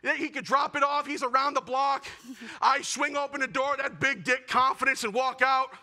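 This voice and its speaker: A young man performing a self-deprecating stand-up comedy set with animated storytelling. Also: extremely high pitch, normal speed. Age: young adult.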